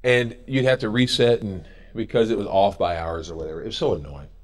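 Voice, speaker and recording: A middle-aged man preaching a sermon as pastor in a church, animated and jokey, with quoted voices and bits of song. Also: fairly low pitch, fairly quick. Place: church sanctuary.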